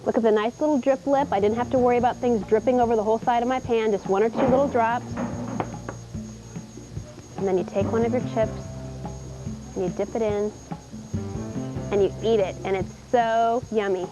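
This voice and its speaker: A bubbly young woman from Indiana hosts a live shopping show, her voice pitched on the high side. She chats warmly with callers and pitches cookware with upbeat patter. The sound is a dull 1990s broadcast tape with faint music underneath. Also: steady tone, moderate pace, long pauses. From Indiana, USA. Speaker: home shopping host.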